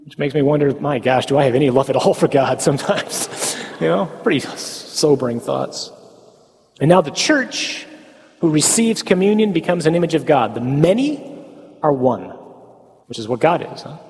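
A man's voice: a little high, lively intonation, moderate pace, darkish tone. Man teaching in a reverberant church hall. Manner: asks the audience rhetorical questions, tags lines with "huh?"; folksy humorous asides. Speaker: speaker at a parish talk on the Mass. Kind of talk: conversational teaching talk.

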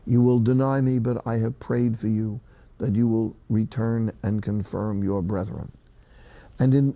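A man's voice: mid-range voice, mellow, no echo. An older man, a priest, preaching a sermon in a folksy, emphatic way, quoting scripture.

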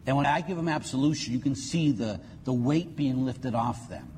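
A middle-aged man, a priest, giving a lively sermon talk full of joking stories and acted asides. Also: medium pitch, normal speed, slight background noise. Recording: long hall reverb, faint ambience.

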